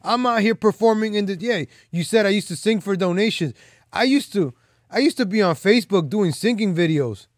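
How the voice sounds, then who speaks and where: A man with a voice pitched a little above the usual male range talks off the cuff as a live stream host. His delivery is loose and rambling, packed with "like" and "man" fillers, and it turns teasing and boastful. The sound is dry and close, with no room echo. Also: lively intonation, a little fast. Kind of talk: casual rambling commentary.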